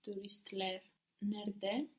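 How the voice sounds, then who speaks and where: A woman's voice: mid-range voice, level tone, slow. A woman student answering in a language lesson with short, tentative replies.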